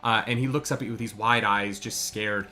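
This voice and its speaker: Halting, bright-voiced game master man. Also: lowish voice, steady tone, faint music behind. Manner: halting, many fillers and restarts. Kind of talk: narrating a tabletop game.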